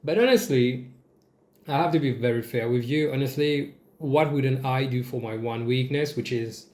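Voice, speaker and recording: A young man from Mauritius, host of a comedy show, ranting in a casual, animated way and swearing freely. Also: normal speed. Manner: animated, jumps into mocking high-pitched quoted voices, swears. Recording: echoey room.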